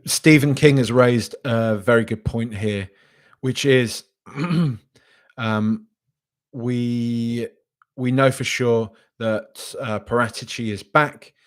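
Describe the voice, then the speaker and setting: A man's voice: medium pitch, steady tone, slow. Hesitant man on a live podcast. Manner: casual, hesitant, many ums and restarts. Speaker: podcast host. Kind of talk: live reaction stream, reading chat.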